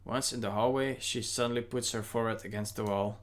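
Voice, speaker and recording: A man's voice: medium pitch, steady tone, brisk. A man streaming a visual novel, reading its narration and every character's lines in his own voice and breaking off for joking asides. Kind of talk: casual let's-play narration and dialogue reading.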